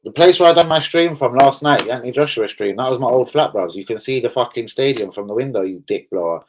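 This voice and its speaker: A man's voice: medium pitch, expressive, fast, slight background noise, low-quality recording. A man with a London accent hosting a casual livestream, chatting bluntly with his viewers and swearing freely. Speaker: livestream host.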